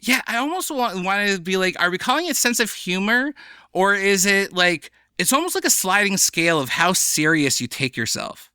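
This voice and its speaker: A young adult man, a comedian guest on a podcast, talking in an animated, chatty way. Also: high voice, moderate pace, clean tone, no echo, clean studio sound. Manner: animated, chatty, slips into playful voices for examples. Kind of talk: casual podcast conversation.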